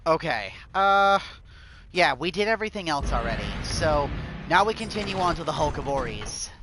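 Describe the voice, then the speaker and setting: Chatty high-voiced male gamer. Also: big pitch swings, normal speed, background noise. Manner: casual, chatty. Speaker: game streamer. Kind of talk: let's-play commentary. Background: game music.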